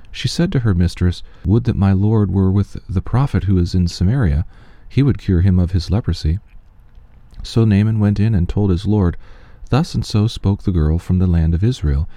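A man giving a steady, measured reading of scripture, with quoted speech only lightly voiced. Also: low-pitched, dry recording. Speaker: scripture reader.

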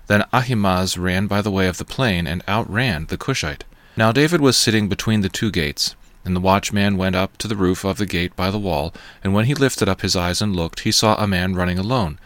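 Male scripture reader, low voice, dry, measured delivery. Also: dry recording. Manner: steady, measured, solemn. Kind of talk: scripted Bible reading.

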